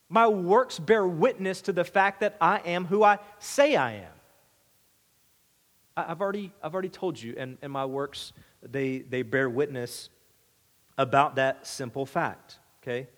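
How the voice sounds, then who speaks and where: Preacher, man, high-pitched, chatty sermon delivery with rhetorical questions, reverberant hall. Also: a little slow. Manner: conversational, asks rhetorical questions, repeats and restarts words; voices the crowd's demand in a higher, louder tone. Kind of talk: expository sermon.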